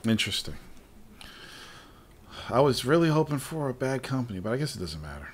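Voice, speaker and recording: A man hosting a gaming podcast in casual chat, laid-back, often trailing off low and laughing. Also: very animated, fairly quick, slightly rough. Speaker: podcast host.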